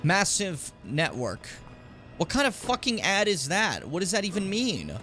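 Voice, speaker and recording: A young man streaming a video game, reacting with loud, profane outbursts, shouted taunts and frequent laughter. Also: high voice, huge pitch swings, unhurried, faint music behind. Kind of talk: live gameplay commentary.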